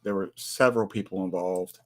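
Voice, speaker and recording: Earnest man in his forties, low voice. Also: fairly even intonation, a little fast, a little mellow. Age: 40s. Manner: earnest, greets viewers by name, teasing. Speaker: livestream co-host. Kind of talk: casual livestream chat.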